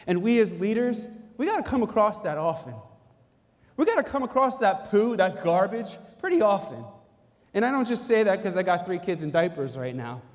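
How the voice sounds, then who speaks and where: A man giving an animated, preacher-like motivational speech at a conference, with dramatic pauses. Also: sits high, big-room sound. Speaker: company executive giving a keynote talk. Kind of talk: motivational faith-based speech. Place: conference hall.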